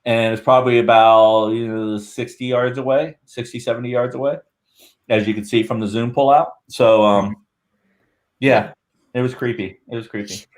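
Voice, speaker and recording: A man talks as a podcast guest in a loose, rambling way. His voice sits at an everyday middle pitch. He tells his story with lively energy. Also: normal speed. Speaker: guest Bigfoot researcher. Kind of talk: casual podcast chat.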